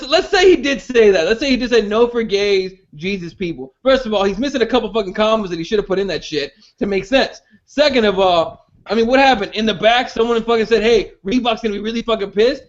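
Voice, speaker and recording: A man co-hosting a podcast, casual and profane, often laughing while he argues. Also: high-pitched. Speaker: podcast co-host. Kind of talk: casual argumentative chat. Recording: dull lo-fi audio.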